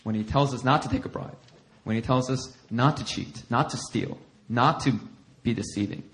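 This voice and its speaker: A man's voice: medium pitch, moderate pace, a bit bright. A male pastor preaching a sermon, acting out scripture quotes and laughing often as he talks.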